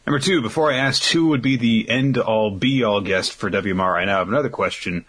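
A man's voice: fairly low pitch, a little fast, fairly bright tone, slightly rough. A young man co-hosting a podcast, reading listener questions in a dry, rambling way that drifts into tangents. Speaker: podcast co-host.

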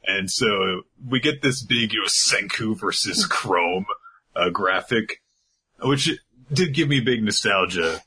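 A man casually recapping an anime episode on a podcast, animated and laughing as he goes. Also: lowish voice, slow, breathy edge. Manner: animated, laughing, slips into character voices. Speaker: podcast co-host.

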